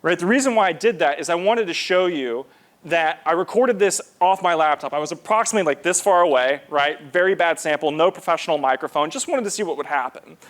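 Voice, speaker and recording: A man's voice: on the high side, fast. Chatty man presenting at a conference. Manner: casual, animated, lots of fillers and repeats. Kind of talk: live presentation to an audience.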